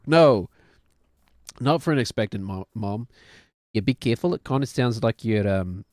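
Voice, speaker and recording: A man's voice: fairly low pitch, darkish tone, dry recording, clean studio sound. A man in his thirties with a New Zealand accent, chatting casually while he plays a game and cracks self-mocking jokes. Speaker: streamer.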